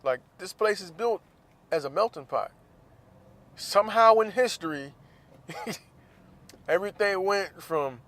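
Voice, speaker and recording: Man, podcast host, casual and profane, higher-pitched speaking voice. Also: animated, slow, pauses often, fairly bright tone. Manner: blunt, swears often, laughs between points.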